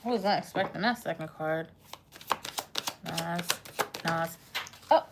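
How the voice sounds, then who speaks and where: A woman's voice: lowish voice, fast, background noise. A woman giving a casual live-stream tarot reading, chatty and full of "like" and "right?", who says her accent is thick. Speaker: tarot reader.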